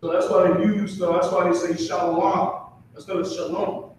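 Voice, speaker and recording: A student answering a question in class, halting, with many fillers. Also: male voice, high voice, flat delivery, heavy background noise. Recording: echoey room, far from mic.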